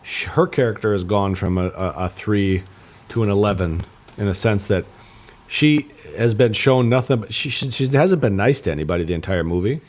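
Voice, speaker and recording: A man's voice: lowish voice, expressive, normal speed, a little mellow. A tired man co-hosting a comedy podcast, talking at length as he retells movie scenes in detail. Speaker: podcast co-host. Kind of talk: casual comedic chat.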